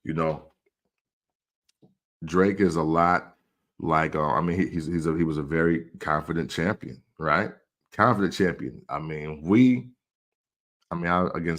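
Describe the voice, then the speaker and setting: Casting: low-voiced man in his forties, chatty host, laughs a lot and drops into quick acted quotes. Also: a bit bright. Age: 40s. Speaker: podcast host. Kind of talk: casual commentary.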